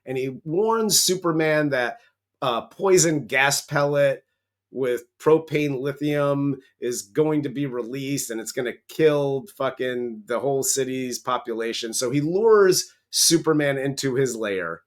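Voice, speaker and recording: A man's voice: medium pitch, a little slow. A man co-hosting a movie review, retelling the plot in a casual, profane, joking way. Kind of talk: casual comedic film recap.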